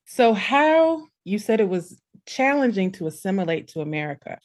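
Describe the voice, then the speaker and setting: A woman's voice: mid-range voice, big pitch swings, moderate pace, a little mellow, no echo. A woman hosting an interview, chatty and laughing along as she asks questions. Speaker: host. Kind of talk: casual interview conversation.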